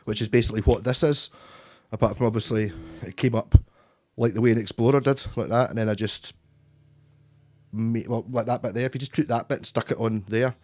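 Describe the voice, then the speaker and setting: A man hosts a livestream from a room at home, playing guitar and chatting casually with viewers. He rambles in a stop-start way, restarting sentences often. His mid-range voice is steady and darkish, brisk in pace, with no room sound.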